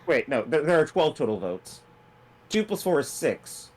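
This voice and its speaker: A woman's voice: sits low, very animated, normal speed, a little hiss or hum. A woman co-streaming a game in casual chat, blunt and explaining things, with some swearing.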